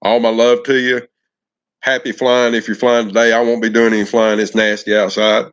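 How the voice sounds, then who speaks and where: A man's voice: mid-range voice, level tone, normal speed, smooth, muffled recording. A man chatting on a casual live stream, folksy and affectionate, greeting viewers by name.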